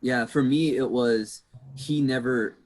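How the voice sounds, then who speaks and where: A man appearing as a podcast guest, talking through a film in a reflective, chatty way with quick jokes. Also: mid-range voice, steady tone, a little hiss or hum. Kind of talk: casual movie discussion.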